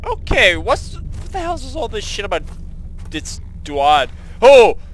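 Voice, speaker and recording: A man with a high, very bright voice that swoops all over as he commentates his gameplay. He is excitable, swearing and muttering to himself. A faint hiss sits under him. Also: measured pace, no room sound. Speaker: let's play host.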